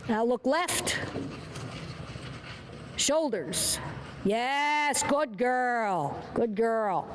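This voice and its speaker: A woman's voice: on the high side, animated, drawn-out words, background noise. A woman riding instructor giving short, encouraging, repeated commands during a driving lesson.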